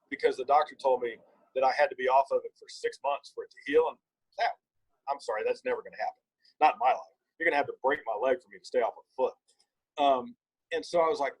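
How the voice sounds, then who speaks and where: A man, a podcast guest, telling an emphatic, animated story in casual conversation. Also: mid-range voice, slightly rough, poor audio.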